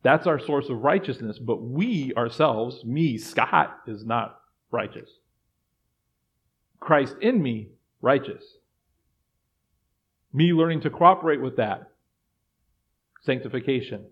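Husky-voiced male preacher, lo-fi recording. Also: medium pitch, animated, takes it slowly, long pauses. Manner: preachy, shifts from quiet reflection to loud mock dialogue. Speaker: pastor. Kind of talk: sermon.

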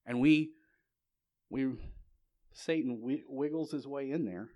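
A man preaching a sermon, reading scripture and telling stories in a relaxed, conversational way. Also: mid-range voice, takes it slowly, long pauses, no echo. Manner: casual, conversational storytelling. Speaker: pastor.

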